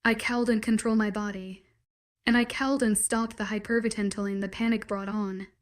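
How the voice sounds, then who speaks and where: A woman narrating a first-person fantasy story with a measured, dramatic delivery. Her voice sits at an everyday mid pitch. She reads like a steady storyteller. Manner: measured, dramatic inner monologue.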